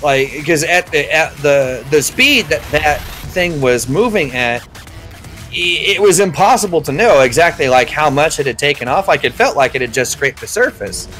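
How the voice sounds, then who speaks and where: A man's voice: a little high, animated, normal speed, fairly bright tone, soft background music. A man telling a story in casual chat, acting out quotes in funny voices. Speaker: guest on a live stream chat.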